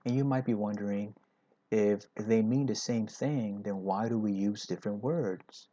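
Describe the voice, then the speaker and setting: A man's voice: on the low side, moderate pace, warm tone, no room sound, dull audio. A man teaching an English grammar lesson. He explains patiently, step by step, and often checks in with "right?".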